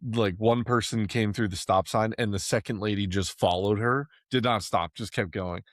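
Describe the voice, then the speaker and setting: A man's voice: lowish voice, fairly even intonation, normal speed, dry recording, studio quality. A man hosting a podcast, telling casual stories with lots of fillers and frequent laughter. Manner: chatty storyteller, laughs often, many fillers. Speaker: podcast host. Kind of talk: casual chat.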